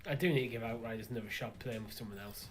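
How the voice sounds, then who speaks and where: A man's voice: mid-range voice, very fast. Male co-host, mid-range voice, easygoing and agreeable; faint background noise. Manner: relaxed, agreeable, thinks out loud. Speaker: livestream co-host. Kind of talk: casual gaming chat.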